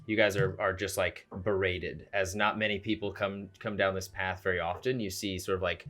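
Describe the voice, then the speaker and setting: A man's voice: deep voice, little pitch movement, normal speed, fairly bright tone. A young man narrating a tabletop game as game master, rambling with many fillers, on a home mic over a voice call.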